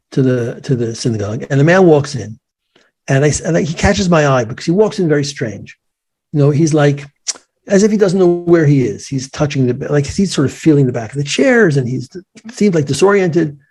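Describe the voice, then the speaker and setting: A man in his forties tells a personal story to an interviewer. His voice is gravelly and husky, with a dark, mellow tone. He speaks earnestly and often stops to restart his sentences. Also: fairly high pitch. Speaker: interview guest.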